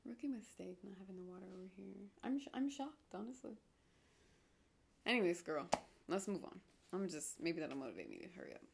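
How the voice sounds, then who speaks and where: A woman's voice: medium pitch, big pitch swings, brisk, gravelly, slight background noise. A young woman hosting her own solo podcast, rambling off topic, mocking herself and often dropping into whispers. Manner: digressive, self-mocking, drops into whispers. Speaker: podcast host.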